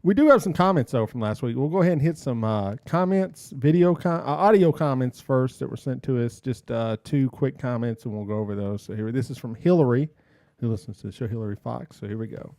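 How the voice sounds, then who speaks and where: A man hosting a casual podcast, jokey and animated and quick to laugh. His voice sounds dark and mellow, recorded dry and close with no room sound. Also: mid-range voice, dry recording. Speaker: podcast host. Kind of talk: casual chat.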